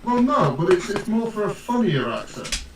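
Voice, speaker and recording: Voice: medium pitch, big pitch swings, moderate pace, far from the mic. A streamer coaxing a friend in casual banter, repeating himself and laughing. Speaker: streamer co-host. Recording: echoey room with loud noise.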